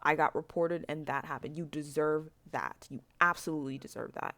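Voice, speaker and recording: A woman's voice: sits low, fairly even intonation, brisk, bright, forceful tone, dry recording. A young woman telling a story to camera in a frank, rambling rant, with lots of fillers and swearing. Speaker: vlogger.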